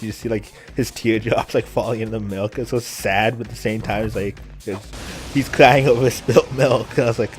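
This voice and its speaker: A man's voice: fairly low pitch, steady tone, a little fast, faint music behind. A young man telling rambling stories while commenting on a video game, with lots of filler words and frequent laughs. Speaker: let's play commentator. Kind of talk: casual gameplay commentary, storytelling.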